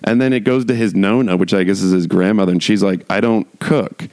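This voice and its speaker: A man's voice: fairly low pitch, fast talker, darkish tone, no room sound. A man talking casually in a rambling way, full of "like" and restarts, with wry chuckling asides. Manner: rambling, heavy use of "like", frequent restarts. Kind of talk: casual monologue chat.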